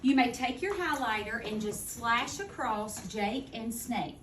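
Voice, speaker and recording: A woman's voice: fairly high pitch, animated, fairly bright tone. Teacher woman in an echoey classroom. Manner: clear, deliberate teacher talk, slowing to model words. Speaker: second grade teacher. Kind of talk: classroom phonics lesson. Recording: echoey classroom from far off, noisy.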